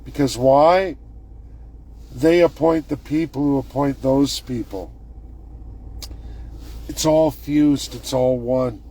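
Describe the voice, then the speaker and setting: A man's voice: medium pitch, dark tone. A man from Alberta, giving a heated, emphatic monologue as a political commentator. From Alberta, Canada. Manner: heated, emphatic, rushes then slows to stress words. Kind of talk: indignant monologue.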